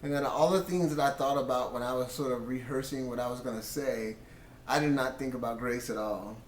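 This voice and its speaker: A man's voice: medium pitch, fairly quick, echoey room, a little hiss or hum. A man sharing a casual Christian testimony about his marriage in an earnest storytelling way, quoting himself and his wife.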